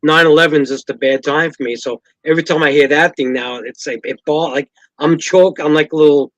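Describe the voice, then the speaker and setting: A man with a fairly high voice talks earnestly in a casual podcast chat. His sound is dry and close, with no room echo. He speaks from the heart and sometimes falters. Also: steady tone. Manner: earnest, heartfelt, slightly halting.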